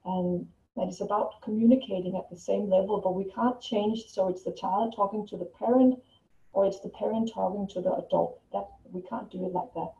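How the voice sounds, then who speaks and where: A woman's voice: mid-range voice, fairly even intonation, a little fast, creaky, mellow. Distant, echoey woman telling a story. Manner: rambling, frequent restarts and repeated words. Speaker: vlogger. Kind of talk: casual personal storytelling to camera. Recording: roomy, distant, dull lo-fi sound.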